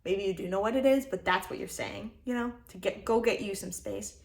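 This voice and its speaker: Young woman, mid-range pitch, casual reflective self-help host, conversational with lots of fillers. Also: fairly quick, vocal fry.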